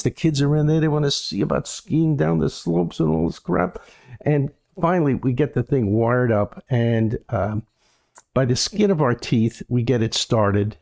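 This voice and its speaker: An older man, the host's father, telling a story from his high school days in an animated way, jumping up in pitch when he quotes people. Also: gravelly. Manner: animated, acts out quotes in a raised voice. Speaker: guest storyteller. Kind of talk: casual storytelling.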